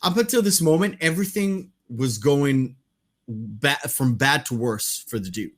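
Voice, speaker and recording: Male podcast co-host, mid-pitched and very expressive, loose casual film chat with plenty of cursing. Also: unhurried. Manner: animated, swears freely, laughs often. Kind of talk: casual movie discussion.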